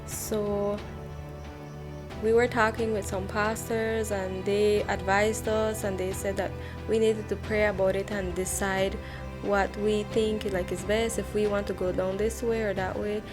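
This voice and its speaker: Young woman, mid-pitch, hesitant church testimony; distant mic, faint music underneath. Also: level tone, a little slow. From Belize. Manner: hesitant, many fillers and restarts. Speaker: church member giving testimony. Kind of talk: personal faith testimony.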